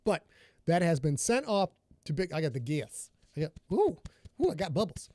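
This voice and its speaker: A man's voice: fairly high pitch, big pitch swings, normal speed, a little mellow, no room sound. Chatty man greeting his livestream viewers. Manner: rambling, greets viewers by name. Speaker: podcast host and author. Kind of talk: casual livestream chat. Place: home studio.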